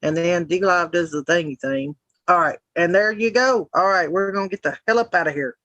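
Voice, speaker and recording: A woman's voice: fairly low pitch, fairly quick, a bit bright, no room sound. A woman co-hosting a casual livestream roundtable, blunt and profane, ranting and joking. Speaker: livestream co-host.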